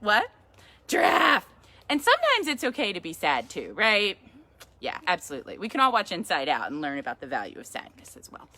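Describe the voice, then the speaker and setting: A woman's voice: on the low side, wildly swooping pitch, quick pace, sharp tone. A woman reading a picture book to a child at storytime, playful and chatty, with asides and questions. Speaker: yoga teacher reading to a child.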